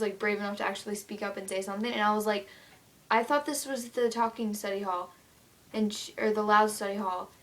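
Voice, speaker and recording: A woman's voice: on the high side, fairly bright tone. A teenage girl ranting to the camera in a casual vlog, chatty and indignant, full of "like" and "um". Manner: chatty, lots of "like" and "um"; indignant storytelling. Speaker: vlogger.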